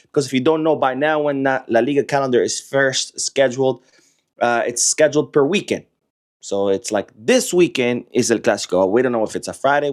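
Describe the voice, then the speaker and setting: A man hosting a football news live stream from away while he travels, lively and sarcastic in his asides. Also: mid-range voice.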